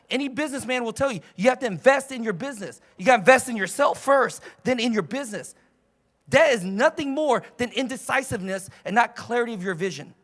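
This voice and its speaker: A man giving a motivational seminar as a coach, fiery and loud, shouting and swearing to rouse his audience. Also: extremely high pitch, expressive, fast. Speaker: coach and trainer. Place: live seminar in front of an audience.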